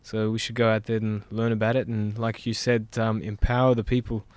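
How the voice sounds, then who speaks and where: A man co-hosting a casual panel discussion, speaking haltingly with many ums and uhs. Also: fairly low pitch, monotone, darkish tone, dry recording. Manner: halting, filler-heavy, trails off. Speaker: show co-host.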